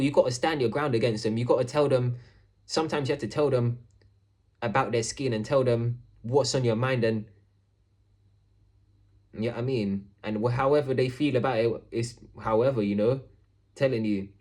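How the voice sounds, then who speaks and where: A man, ranting casually about a coworker, swearing often and calling the listener "bro". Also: medium pitch. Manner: swearing, animated, repeats "bro" and "I'm like". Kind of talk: casual storytelling rant.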